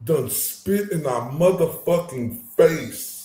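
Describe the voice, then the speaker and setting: A man's voice: on the high side, lively intonation, slow pace, warm tone, roomy sound. A man hosting his own channel, giving heated, profane commentary with angry emphasis and frequent stumbling restarts.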